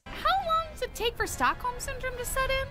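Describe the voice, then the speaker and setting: A woman's voice: very high voice, animated, fairly quick, exaggerated voice. Woman voicing a bubbly flippant elf girl. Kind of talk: comedy parody voice acting. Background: loud music.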